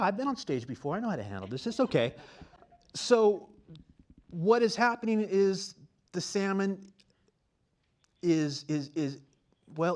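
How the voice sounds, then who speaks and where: A man in his fifties giving an award acceptance speech on stage, halting and earnest, on the verge of tears. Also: a little high. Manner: halting, full of fillers, earnest. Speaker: award winner and graduate student. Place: on stage at a campus award show.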